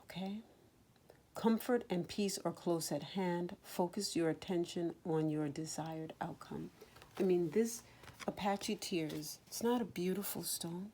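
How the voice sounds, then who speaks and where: Soft-spoken woman giving a card reading. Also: on the low side, slight background noise. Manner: slow, soothing, dropping to whispers at times. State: choked up. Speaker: spiritual card reader.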